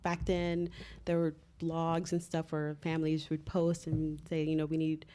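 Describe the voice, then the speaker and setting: A woman in her twenties from Miami, a podcast guest telling lively stories and laughing often. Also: low-pitched, a little slow. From Miami, Florida. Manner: laughing storyteller, lively anecdotes. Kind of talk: casual podcast chat.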